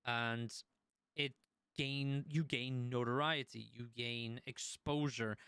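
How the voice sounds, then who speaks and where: A man's voice: medium pitch, steady tone, takes it slowly, a bit bright, clean tone, dry recording, clean studio sound. A man streaming, chatting casually about his experiences, with many restarts and the odd swear word. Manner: conversational, restarts and swears while telling a story.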